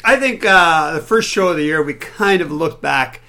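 Podcast co-host, man, playful and halting, with a bright, forceful tone. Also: fairly high pitch, animated. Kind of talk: casual banter over drinks.

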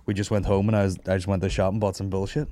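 Rapid-fire and level in tone, a low, dark-voiced Northern Irish podcast host in his thirties works through a long, foul-mouthed comedy story, cracking himself up along the way. The studio office recording has slight background noise.

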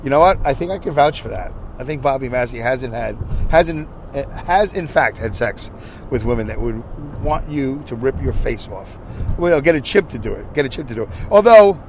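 A man's voice: medium pitch, lively intonation, normal speed, a little hiss or hum, rough recording. A man hosting his podcast from inside his car, reading listener comments in a rambling, self-mocking way. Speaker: podcast host. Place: inside a car while driving.

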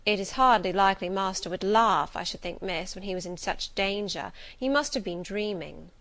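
A woman voicing a composed, guarded middle-aged woman servant who speaks in a demure, measured way. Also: medium pitch, no room sound, natural voice.

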